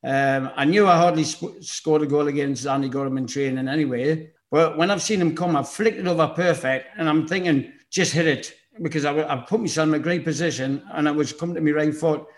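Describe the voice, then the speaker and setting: A former footballer telling an animated anecdote, acting out the dialogue loudly. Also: male voice, a little high, fairly quick, hardly any pauses. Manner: lively storyteller, loud, voices others in the story.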